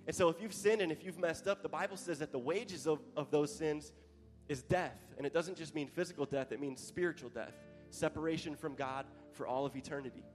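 A male pastor preaching a sermon with passion, growing louder at the climaxes. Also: on the high side, a little fast. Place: church hall. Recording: live church hall with long reverb and soft music.

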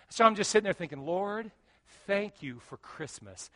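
A middle-aged man preaches as a pastor, spinning a story with jokes and acted-out quotes. His voice sits high for a man and has a bright, forceful edge. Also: moderate pace. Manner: animated, joking, acts out quotes. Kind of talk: sermon storytelling.

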